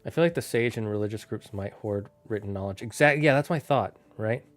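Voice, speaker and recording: A man streaming live, thinking out loud and answering chat in a casual, rambling way. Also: on the low side, faint music behind. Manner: musing aloud, thinks out loud with quick asides. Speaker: streamer running a worldbuilding chat.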